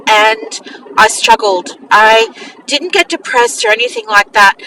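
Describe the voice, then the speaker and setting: A middle-aged woman shares a personal story in a heartfelt, candid way, pausing on fillers as she goes. Her voice is bright and sits a little high. The mic is set some way off, with faint noise behind her. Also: expressive, recorded from a distance, low-quality recording. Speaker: business mentor.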